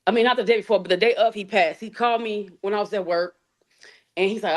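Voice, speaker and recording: A woman speaking as a guest about her late son, telling his story in a halting, heartfelt, colloquial way. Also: medium pitch. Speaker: mother of the deceased, guest. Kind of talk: emotional personal testimony in a live interview.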